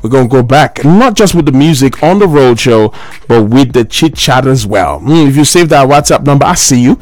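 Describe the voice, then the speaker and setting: Lively radio host, animated. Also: male voice, medium pitch, no echo. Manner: animated, playful, sing-song delivery. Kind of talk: energetic radio chat.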